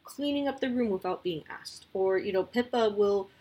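A woman's voice: mid-range voice, moderate pace, warm tone, husky. A woman in her thirties giving casual parenting advice as a host, chatty and full of likes and you-knows.

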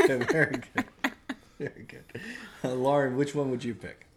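A man leads a casual podcast conversation, quizzing his co-hosts and laughing easily. His voice rises and falls in a very lively way. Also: mid-range voice, a little slow, very noisy. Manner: quizzes the others, laughs often. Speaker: podcast host.

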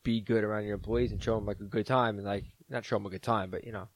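Gravelly male co-host, halting speech. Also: lowish voice, steady tone, no room sound. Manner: halting, restarts his thoughts. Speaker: podcast co-host. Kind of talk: casual chat.

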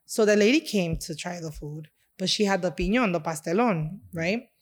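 A woman's voice: on the low side, moderate pace, breathy edge. A woman chef and restaurant owner telling a story in a casual podcast chat, acting out the dialogue.

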